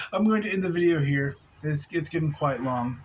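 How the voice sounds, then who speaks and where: A man giving a relaxed spiritual talk on video, laughing softly now and then and restarting his sentences. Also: on the high side, a little slow, slight background noise, low-quality recording. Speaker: spiritual teacher.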